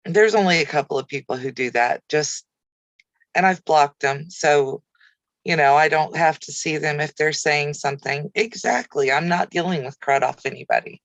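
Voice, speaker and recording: A woman's voice: low-pitched, moderate pace, dry recording, low-quality recording. A woman hosting a casual livestream chat, talking easily and answering viewer comments by name. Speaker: craft channel host.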